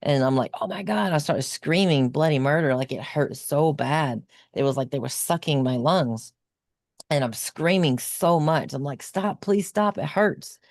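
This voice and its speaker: A woman's voice: very deep voice, a little mellow, no echo, clean studio sound. A woman guest on a video call, casually recounting a personal experience in a rambling way, with lots of ums and likes.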